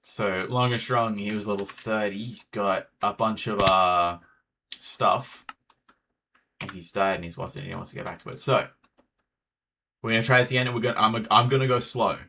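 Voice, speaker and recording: A man's voice: lowish voice, fairly even intonation, moderate pace, creaky, pushed and bright, slight background noise. An Australian man chatting casually with viewers while streaming a game, rambling as he talks. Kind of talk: casual live gameplay chat.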